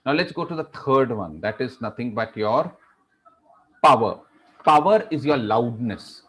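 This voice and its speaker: A middle-aged man teaching public speaking in a classroom, shifting his pace and pitch to demonstrate. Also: animated, unhurried, fairly bright tone. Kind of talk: classroom lecture.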